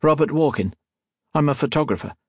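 A man's voice: on the high side, animated, brisk, darkish tone, breathy edge, dry recording, clean studio sound, pitched above the performer's own voice. A man voicing a wary young man who poses as a photographer, flustered and questioning.

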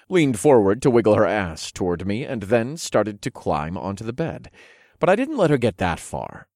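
A man narrating an erotic story in the first person, in a low, hushed, unhurried way, recorded close and dry. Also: no echo.

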